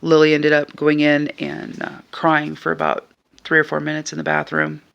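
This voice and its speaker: A man telling a story in a casual, animated and exasperated way. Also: on the high side, moderate pace, gravelly, clear, resonant tone, dull audio. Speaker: vlogger.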